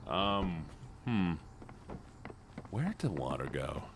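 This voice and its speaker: A young man's voice sits low as he streams a game, staying very animated yet a little slow and pausing often. He jokes playfully with his chat, reacts to what they say, and lapses into silly voices. Background noise is present.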